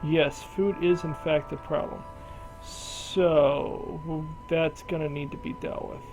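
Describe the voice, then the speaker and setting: A man's voice: fairly high pitch, slow, music in the background, low-quality recording. A man casually commentating a strategy game, thinking aloud and talking to the game's regions as if they were people. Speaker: gameplay commentator.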